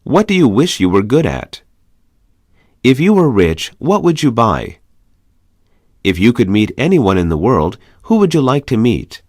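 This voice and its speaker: Man reading practice questions, lively pitch. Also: a little slow, long pauses, dry recording, clean studio sound. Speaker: language course reader.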